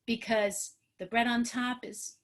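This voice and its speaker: A woman presenting a parenting webinar as a trauma specialist, emotional and animated, acting out what parents say to children. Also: a little high, slow. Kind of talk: expressive webinar teaching.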